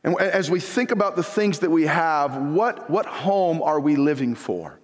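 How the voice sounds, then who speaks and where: A man's voice: a little high, lively intonation, unhurried. A male pastor preaching a sermon in a church, telling stories in a conversational, folksy way and posing rhetorical questions to the congregation. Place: church sanctuary. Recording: long reverb of a large room.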